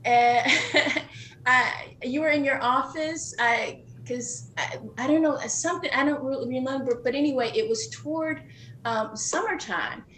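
A woman's voice: high-pitched, a little slow, a bit bright, a little hiss or hum. Earnest mother in an echoey room. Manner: earnest, rambling with many fillers. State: tearful. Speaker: guest parent. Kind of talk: emotional podcast interview. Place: living in Japan.

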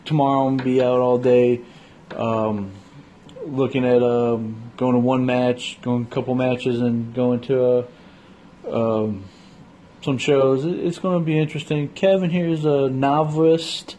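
A man hosting a casual podcast chat, swearing freely and retelling things with animated voices. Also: medium pitch, measured pace, slight background noise, poor audio. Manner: profane, animated storyteller. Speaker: podcast host.

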